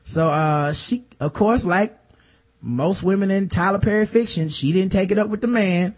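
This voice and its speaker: High-voiced husky man telling a crude recap. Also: moderate pace. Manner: crude, joking, slangy storytelling. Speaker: podcast host recapping a TV episode. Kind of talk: casual chat.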